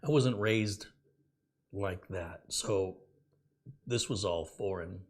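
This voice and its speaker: A middle-aged man with a low, slow voice hosts a tech video. He casually tells a story from his working life, animatedly acting out the quoted dialogue and laughing as he goes.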